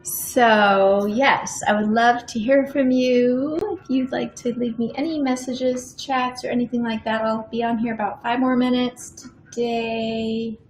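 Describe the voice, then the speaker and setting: A woman's voice: fairly high pitch, fairly even intonation. A woman artist hosting a live stream from her studio, chatting casually while she paints and dropping to a murmur as she works. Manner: unhurried, thinking aloud with fillers, drops to a murmur while working. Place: home art studio. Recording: echoey room, faint background music.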